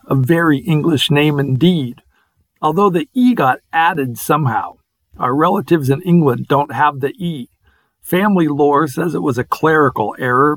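A man's voice: on the high side, dry recording. Amused man reading an odd list. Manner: amused, savoring each name with small laughs. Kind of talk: reading a list, then casual monologue.

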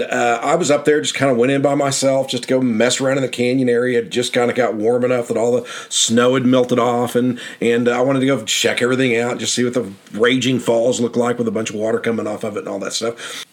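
A man hosting a travel podcast, telling stories in a loose, rambling, folksy way and often repeating phrases. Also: medium pitch. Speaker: podcast host and tour guidebook author. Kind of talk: casual storytelling travel podcast.

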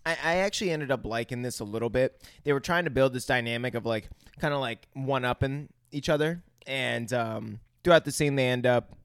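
A man's voice: mid-range voice, fairly quick, few pauses, a bit bright, smooth, no room sound, clean studio sound. Laid-back joking male co-host. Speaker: podcast co-host. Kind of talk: casual movie recap chat.

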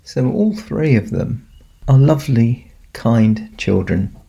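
A man's voice: medium pitch, expressive, slow, creaky, breathy edge, dull audio. A man, speaking as Santa and chuckling as he tells a children's story. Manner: chuckling, warm storybook telling to kids.

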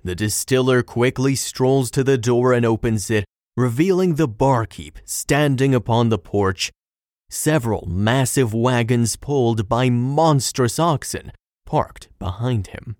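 A man narrating a fantasy story in a steady, descriptive storytelling manner. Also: mid-range voice, unhurried, no echo, studio quality. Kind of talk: scripted narration.

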